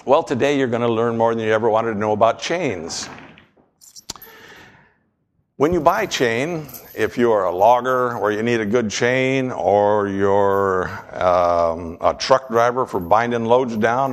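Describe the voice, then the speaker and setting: A man preaching a sermon in a church, telling a story with lively asides and often clearing his throat. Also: fairly low pitch. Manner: storytelling, animated, acts out voices and sounds. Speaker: pastor. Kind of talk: sermon with object lesson.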